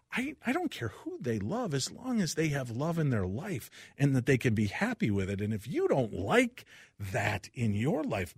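A middle-aged man hosts a talk radio show with a husky, slightly breathy voice. He talks with passion, rising to loud outbursts and dropping to quiet reflection. The studio sound is dry and close. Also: on the high side, no echo. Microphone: studio microphone.

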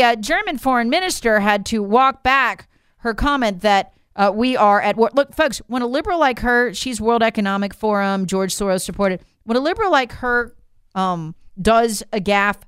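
A woman's voice: fairly high pitch, expressive, moderate pace, a bit bright, clear, resonant tone, dry recording, studio quality. A woman delivering an opinionated political monologue to her audience, emphatic and incredulous, often addressing listeners as folks. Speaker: political commentator.

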